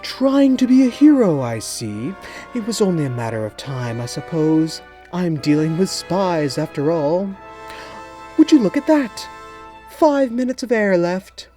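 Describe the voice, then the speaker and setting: A man voicing a gloating, theatrical male villain mastermind in a storybook reading, in a high, loud, drawn-out sneering voice. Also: very animated, soft background music. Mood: smug.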